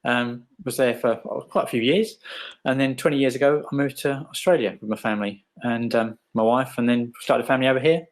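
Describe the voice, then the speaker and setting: A middle-aged man answers questions in a casual interview. He speaks in a mid-range voice, modest and a little hesitant, with soft laughs. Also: mid-range voice, a little fast. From England. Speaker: illustrator, guest.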